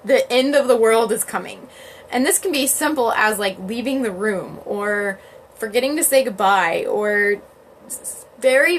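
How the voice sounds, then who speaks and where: A woman's voice: mid-range voice, a little hiss or hum. A woman hosting a live stream, talking casually to her viewers, laughing often and filling her talk with "like". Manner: chatty, laughs often, many "like" fillers; acts out quoted parents and babies in lively voices. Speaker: livestream host.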